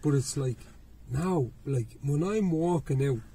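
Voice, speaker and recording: A man's voice: a little high, a little slow, mellow, husky. A middle-aged Irish man hosting a podcast, chatting casually and swearing freely, with rambling restarts. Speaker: podcast host. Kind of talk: casual chat.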